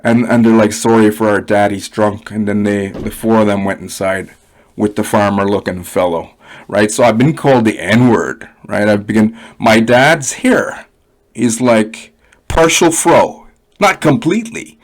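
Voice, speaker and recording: A man's voice: fairly low pitch, a little slow. A man with a Canadian accent, from Canada, giving a blunt, rambling, profane unscripted rant with many fillers. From Canada (Ottawa, Ontario). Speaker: online money reviewer.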